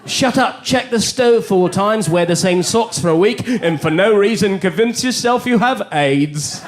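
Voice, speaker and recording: A man putting on an English accent to voice his own bossy inner mind acting as a life coach. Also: high voice. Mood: commanding. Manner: brisk, bossy, commanding.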